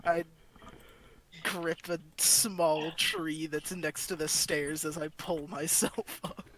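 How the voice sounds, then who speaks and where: Give me a playful male player speaking slowly in a put-on mixed accent. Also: on the high side, steady tone, fairly bright tone, slight background noise, rough recording. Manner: playful, puts on a mixed accent for his character. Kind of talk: casual tabletop game chat.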